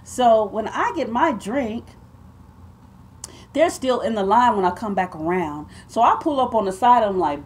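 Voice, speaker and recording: A woman's voice: on the high side, sing-song, unhurried. A woman, telling a story to her viewers in a casual, emphatic way and calling them y'all and babe. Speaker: vlogger.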